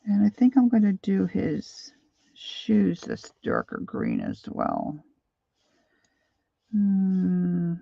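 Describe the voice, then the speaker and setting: A woman's voice: medium pitch, huge pitch swings, extremely slow, vocal fry, pauses often, dark tone, no echo, dull audio. An older woman chatting casually while she paints live, rambling and reading viewer comments aloud. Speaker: painting instructor. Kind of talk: live painting stream chat.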